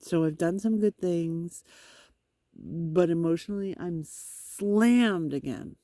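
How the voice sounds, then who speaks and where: A woman vents in a rambling, frustrated way, swearing as she goes and breaking off to talk to her cats. Her voice is low and mellow. The sound is dry and close, like a phone held near the face. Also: slow pace, no room sound. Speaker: vlogger. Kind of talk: casual venting monologue. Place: outdoors on a road with cats.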